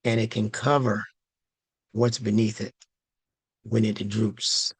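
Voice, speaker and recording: Slow, deliberate male instructor. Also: fairly low pitch, flat delivery, slightly rough, dry recording. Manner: slow, deliberate, emphatic teaching. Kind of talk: religious language lesson.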